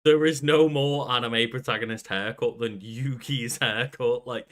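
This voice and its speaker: Bright-voiced, musing male podcast co-host. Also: mid-range voice, fairly even intonation, unhurried. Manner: musing, laid-back, trailing sentences. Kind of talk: casual chat.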